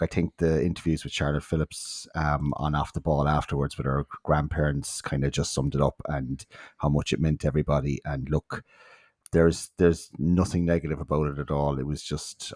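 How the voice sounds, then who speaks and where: A man's voice: a bass voice, no room sound, clean studio sound. A man with a Northern Irish accent co-hosting a sports podcast, laid-back and enthusiastic, with plenty of "look" and "um". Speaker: podcast co-host. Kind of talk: casual sports podcast chat.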